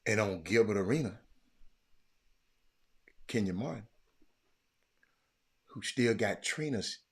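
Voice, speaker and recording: A man hosting a casual sports commentary talk, telling a story animatedly and getting loud when he quotes others. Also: fairly low pitch, breathy edge. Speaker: podcast host.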